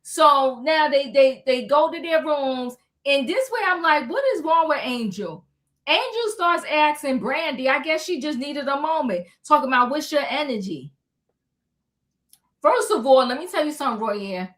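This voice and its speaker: With a high voice at normal speed and barely a pause, this female co-host chats loosely through a reality show recap. She acts out what the cast said in lively, slangy fashion.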